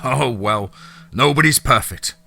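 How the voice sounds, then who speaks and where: A man's voice: mid-range voice, measured pace, creaky, pushed and bright. A man doing a sly teasing uncle. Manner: teasing, hearty. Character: jovial middle-aged uncle, sly, teasing.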